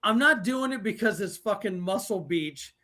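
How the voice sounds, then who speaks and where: High-voiced joking man trading crude banter. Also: expressive, moderate pace, pushed and bright. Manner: joking, crude, laughs between lines. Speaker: podcast co-host. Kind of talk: casual banter.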